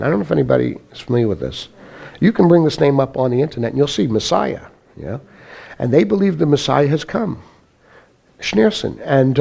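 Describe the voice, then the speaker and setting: A man speaks in a slightly raised register with a gravelly edge, giving his testimony to a church group. He talks loosely and conversationally, circling back with "you know" as he goes. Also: on the high side, darkish tone. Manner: rambling storyteller, leans on "you know". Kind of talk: informal spoken testimony to a congregation. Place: church meeting.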